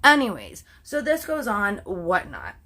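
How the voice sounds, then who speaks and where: Speaking straight to camera, a Canadian woman tells a true crime story in a loose, animated way, packed with "like" and other fillers. She keeps stopping herself mid-swear to soften it. Her pitch is medium and her pace a little slow.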